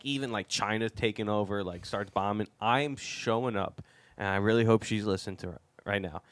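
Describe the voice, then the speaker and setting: A man hosting a podcast in casual chat, animated and laughing often. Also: fairly low pitch, no echo. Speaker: podcast host.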